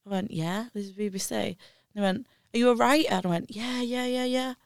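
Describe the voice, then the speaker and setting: A woman's voice: medium pitch, normal speed, creaky, no echo, studio quality. A woman co-hosting a podcast, casually telling a story with lots of laughter and acted-out dialogue. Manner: storytelling, laughing, mimics others' lines. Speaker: podcast co-host. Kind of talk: casual chat.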